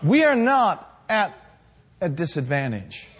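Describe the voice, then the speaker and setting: Husky high-voiced fervent preacher man. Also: big pitch swings, slow. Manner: fervent, emphatic, building to shouted climaxes. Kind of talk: sermon.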